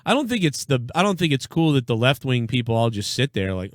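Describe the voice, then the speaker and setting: A man's voice: medium pitch, very animated, brisk, dry recording. Give me a blunt, sarcastic young man hosting a live reaction show, in a dry room. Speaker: live-stream show host. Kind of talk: casual political reaction stream.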